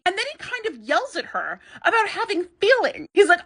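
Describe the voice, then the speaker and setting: A woman casually recapping a TV episode, chatty and expressive, acting out quotes with sarcastic asides. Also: very high voice, quick pace, few pauses. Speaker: podcast host recapping a TV episode.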